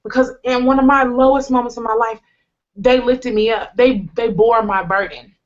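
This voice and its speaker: A woman's voice: a little high, normal speed. A woman in her twenties, hosting a talk show and candidly sharing a personal testimony with earnest, humorous asides. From United States. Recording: slightly dull, lo-fi recording.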